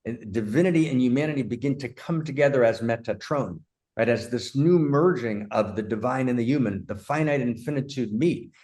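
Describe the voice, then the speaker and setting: Man, host, emphatic, effusive, excited outbursts, mid-pitched voice. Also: brisk. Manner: warmly addresses his partner as "my friend". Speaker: host, philosopher. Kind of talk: animated film discussion.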